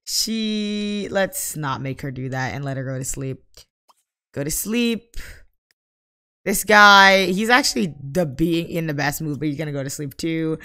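Young female let's-player, lowish bright voice, chatty and dramatic about her game characters. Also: lively intonation, moderate pace, few pauses, smooth. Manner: chatty, exclaiming, mock-exasperated at her characters. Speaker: gameplay commentator. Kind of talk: casual let's-play commentary.

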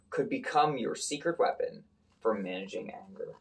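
Gentle and encouraging, a male teacher reads a picture book aloud to children and then takes them through a calming breathing exercise. His voice is medium-pitched and breathy at a normal speed, and he often drops to a soft whisper.

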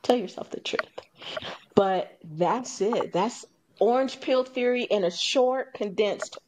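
A woman's voice: on the high side, takes it slowly, slight background noise. A woman hosting a radio talk show in a casual chat. She tells stories with energy, acts out other people's lines, and repeats her key points for emphasis. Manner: animated storyteller acting out others' lines.

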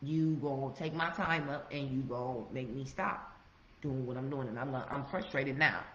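A woman's voice: rumbling low, fairly even intonation, normal speed, roomy sound, a little hiss or hum. Woman, motivational rant, profane, emphatic, slightly muffled recording. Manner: profane, preachy, loud emphatic outbursts. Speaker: motivational vlogger. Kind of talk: casual motivational monologue.

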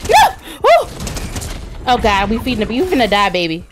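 A woman streaming a shooter game, reacting with loud cries to the Lord and rapid repeated words. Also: mid-range voice, music in the background. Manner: excitable, exclaims to the Lord and Jesus, repeats words fast. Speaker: gaming channel host. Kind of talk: live gameplay commentary.

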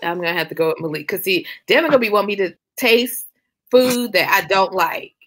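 A woman's voice: medium pitch, brisk, a little hiss or hum. Woman author chatting as a guest, funny and frank, voice swings all over. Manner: candid, humorous, expressive. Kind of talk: casual interview.

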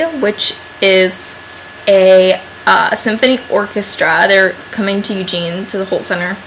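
A woman's voice: medium pitch, sharp tone, a little hiss or hum, poor audio. A young woman vlogging to camera at home in a rambling, chatty way, filling her talk with "like". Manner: rambling, chatty, heavy use of "like". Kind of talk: casual vlog chat to camera.

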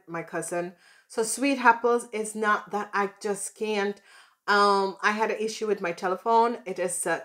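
A woman's voice: mid-range voice, fairly bright tone. A woman doing a casual tarot reading for her viewers, chatty and playful, rambling with fillers and calling them by pet names. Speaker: tarot reader.

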